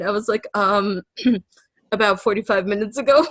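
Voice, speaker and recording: Animated woman telling a story, dry sound. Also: a little high, moderate pace, husky, no echo. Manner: animated storyteller, laughs often. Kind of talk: casual conversation.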